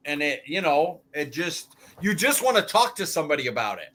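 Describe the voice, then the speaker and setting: A man co-hosting a sports podcast, speaking in a reflective, halting way. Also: fairly high pitch, lively intonation, fairly bright tone. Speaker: podcast co-host. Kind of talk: casual sports chat.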